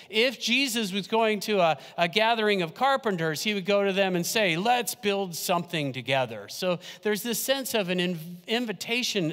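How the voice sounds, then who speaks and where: A man with a fairly high voice preaches in a church. He talks casually and jokes with the congregation, then slows and drops low for emphasis. Long hall reverb trails each phrase. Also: fairly bright tone. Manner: humorous, conversational preaching with slow emphatic drops. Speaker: pastor. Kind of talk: sermon. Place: church sanctuary.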